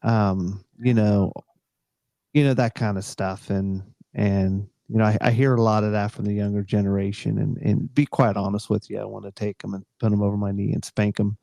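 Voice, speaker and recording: A middle-aged man talks casually, circling his point with plenty of fillers and restarts. His voice sits low and gravelly, with a mellow, dark tone. The sound is dry and close. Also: flat delivery, normal speed, no echo. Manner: rambling, many fillers and restarts. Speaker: podcast co-host. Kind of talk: casual chat.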